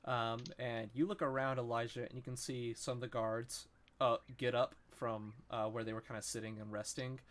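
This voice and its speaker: A man narrating a tabletop role-playing game as game master, in relaxed speech with frequent "um"s. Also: mid-range voice, moderate pace.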